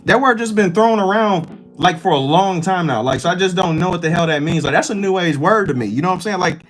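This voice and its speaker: A man's voice: high voice, fast talker, soft background music, poor audio. A man hosting a livestream, chatting loosely and profanely while reacting to his chat. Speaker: livestream host. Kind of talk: casual chat with stream chat.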